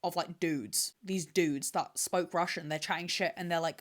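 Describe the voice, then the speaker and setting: A woman's voice: lowish voice, normal speed. A young woman hosting a podcast, telling stories in a rambling, dramatic, profane monologue to the camera. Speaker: podcast host. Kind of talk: casual storytelling monologue. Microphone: camera with mic, talking to camera.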